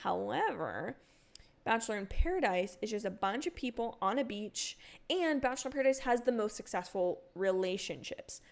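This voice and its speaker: Chatty young woman with a lively voice. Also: medium pitch, moderate pace, creaky. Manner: chatty, rambling, full of fillers and sudden excited outbursts. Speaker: game streamer. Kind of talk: casual livestream chat while gaming.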